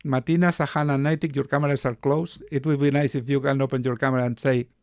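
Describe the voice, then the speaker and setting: A man's voice: medium pitch, little pitch movement, quick pace, darkish tone, dry recording, clean studio sound. A man hosting an online meeting on a video call, chatting and reading out names, asking how to pronounce them. His first language is Spanish. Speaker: meeting host and mentor.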